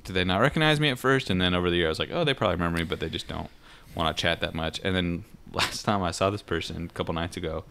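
A man's voice: low-pitched, racing, creaky, a bit bright. A young man co-hosting a podcast, chatting casually and telling stories in a laid-back way. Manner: laid-back, storytelling, says "dude". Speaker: podcast co-host. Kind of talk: casual chat.

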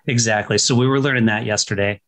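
A man's voice: fairly low pitch, fairly even intonation, fast talker, crowd noise. An American man co-hosting a podcast, chatting in a friendly, teasing way. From United States. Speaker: co-host. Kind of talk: casual podcast chat.

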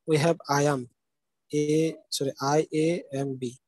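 Man lecturing, slightly husky voice. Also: a little high, steady tone, slow pace, a little mellow, no room sound, poor audio. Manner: explanatory, checks understanding with frequent "okay?"; spells out words letter by letter. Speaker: university lecturer. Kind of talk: live online lecture.

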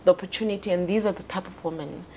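A South African woman co-hosting a casual panel chat, candid and laughing often, her voice jumping higher when she quotes people. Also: steady tone, rapid-fire, a little mellow, a little hiss or hum. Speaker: co-host and founder.

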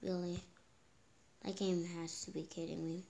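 A woman giving casual, excitable commentary while playing a phone game, cheering herself on. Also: fairly low pitch, normal speed. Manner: excitable, exclaims often, talks herself on. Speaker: gameplay streamer. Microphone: phone screen recording. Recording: clear game music underneath. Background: game music.

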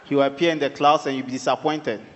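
A man's voice: mid-range voice, steady tone, fast, fairly bright tone, in a large hall, dull audio, slight background noise. A man with a Ghanaian English accent performing stand-up comedy, working the crowd playfully before a live audience. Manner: crowd-working, playful, switches between English and local phrases.

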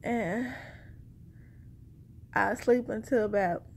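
Chatty woman with a gravelly edge. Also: mid-range voice, slow, slight background noise. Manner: chatty, rambling, addresses viewers directly. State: short of breath. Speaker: vlogger sharing a pregnancy update. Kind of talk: casual chat to camera.

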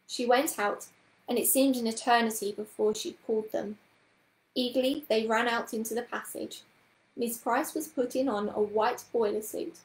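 A woman storyteller reading a children's book aloud with a gentle, expressive manner. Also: a little high, normal speed, reverberant, poor audio.

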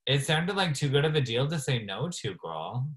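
A man's voice: mid-range voice, big pitch swings, moderate pace, a bit bright, rough recording. A man appearing as a drag performer guest in a casual interview, telling stories in a chatty way and filling them with "like.". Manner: chatty storyteller, frequent "like".

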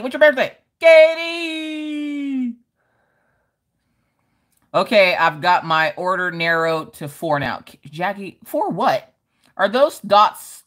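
A bawdy, jokey woman chats through a late-night crafting livestream from her desk at home. Her voice has a bright, forward tone that leaps up and down in pitch. She reads viewer comments aloud and laughs easily between them. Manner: loud, bawdy and joking, laughs often. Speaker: livestream host. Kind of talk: casual livestream chat, reading out viewer comments.

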